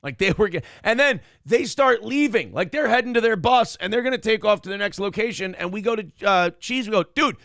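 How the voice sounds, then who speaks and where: Brief: male morning show co-host, animated, profane storyteller, slightly high voice, dry close studio sound. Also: fairly quick, creaky, hardly any pauses, no echo. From Minnesota. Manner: animated storyteller, swears, acts out quotes. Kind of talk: casual storytelling chat.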